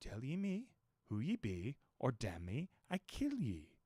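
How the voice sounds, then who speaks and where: A man voicing a fierce male harpooneer who growls in low, halting broken English. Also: huge pitch swings, mellow, slightly rough, no room sound, studio quality, heavily acted. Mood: menacing.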